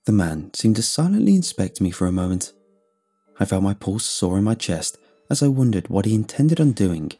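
A man narrating a scripted first-person story in an expressive storytelling way. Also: fairly low pitch, moderate pace, breathy edge, soft background music.

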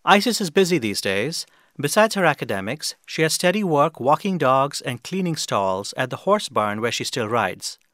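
A man hosting a radio program, narrating in a measured storytelling manner and asking gentle, probing questions. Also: medium pitch, big pitch swings, no echo, studio quality. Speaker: host and interviewer. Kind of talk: scripted radio narration and interviewing.

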